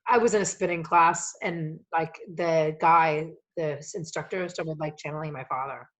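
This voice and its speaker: Woman, low voice, podcast guest, animated, emotional, swears freely, rambling stories. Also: normal speed. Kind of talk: casual storytelling conversation.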